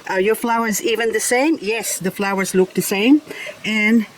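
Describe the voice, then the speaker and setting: Woman, casual garden vlog host, chatty, laughs easily, medium pitch, faint outdoor hum behind. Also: moderate pace, rough recording. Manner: chatty, points things out plant by plant, laughs easily. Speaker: succulent grower, channel host. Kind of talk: casual show-and-tell vlog.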